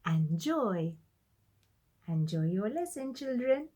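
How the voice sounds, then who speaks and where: A woman leads a children's phonics lesson at a very slow, deliberate pace. Her voice is breathy, and her pitch sits fairly high. It rises and falls in a lively way as she stretches each sound for the children to repeat. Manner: slow, sound-by-sound modelling with encouraging praise. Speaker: phonics teacher.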